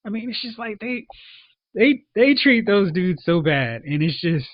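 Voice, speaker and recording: A man co-hosting a podcast, casually reviewing a show and acting out characters in quick asides. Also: high voice, very animated, no room sound. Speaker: podcast co-host. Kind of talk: casual movie review chat. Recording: dull, dry lo-fi sound.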